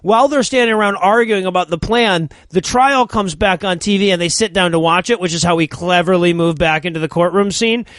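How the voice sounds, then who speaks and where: A man's voice: sits high, brisk, hardly any pauses, a bit bright, no room sound. A man co-hosting a comedy podcast, wryly recapping a movie's plot with jokes. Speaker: podcast co-host.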